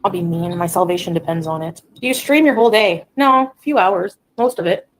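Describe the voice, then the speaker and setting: A woman's voice: lowish voice, animated, a little fast, slight background noise, poor audio. A woman on a casual livestream, talking bluntly, ranting and reading chat aloud.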